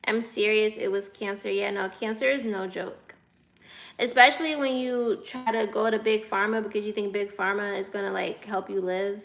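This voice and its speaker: A woman's voice: mid-range voice, steady tone, normal speed, gravelly, fairly bright tone. A woman in her twenties chatting casually on a livestream from her phone, reading out viewer comments and answering them. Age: 20s.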